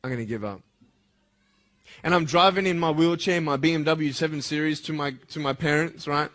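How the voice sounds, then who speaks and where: Giving a motivational speech to school students, a man moves passionately between soft, intimate lines and loud, emphatic ones. His voice is a little high with little pitch movement, and he speaks fairly quickly.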